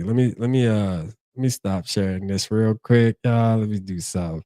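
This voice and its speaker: A man's voice: on the low side, normal speed, mellow, no room sound, studio quality. A man hosting a casual sports fan stream, talking in a laid-back, slangy way. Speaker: sports channel host.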